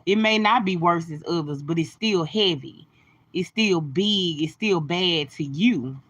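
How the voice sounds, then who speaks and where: A woman's voice: fairly low pitch, a little slow, fairly bright tone. A woman hosting a casual phone live stream, greeting viewers by name and giving encouraging, sermon-like talk. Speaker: livestream host.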